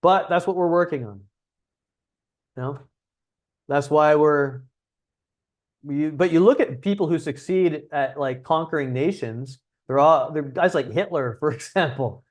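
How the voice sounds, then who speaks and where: A young man hosting a livestream, talking casually and bluntly as a dating coach, with frequent swearing. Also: fairly high pitch. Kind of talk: livestream talk.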